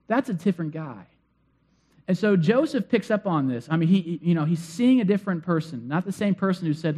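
A man's voice: high voice, lively intonation, moderate pace, dark tone. A man preaching a sermon and retelling a story in a conversational way, acting out the figures' lines. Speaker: pastor.

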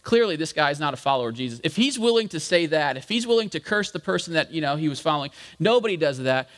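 A man's voice: on the high side, expressive, quick pace, fairly bright tone. A man preaching a sermon in a conversational, explanatory way, with frequent fillers. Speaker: pastor. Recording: long hall reverb.

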